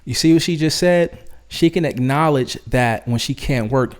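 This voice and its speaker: A man's voice: medium pitch, moderate pace. A man hosting a commentary channel, reacting to clips in an emphatic, argumentative, lecturing way.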